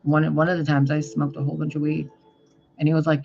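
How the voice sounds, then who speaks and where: Blunt, gravelly man over music. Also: fairly high pitch, flat delivery, brisk. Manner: blunt, profane, chatty. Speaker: tarot reader. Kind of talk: casual spiritual advice vlog. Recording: dull lo-fi sound with loud music.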